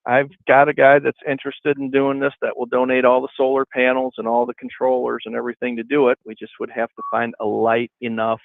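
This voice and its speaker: A man talking casually on a live stream, explaining in a relaxed, steady way. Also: medium pitch, brisk, vocal fry, few pauses, no echo. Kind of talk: casual talk show chat. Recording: dry phone-like line.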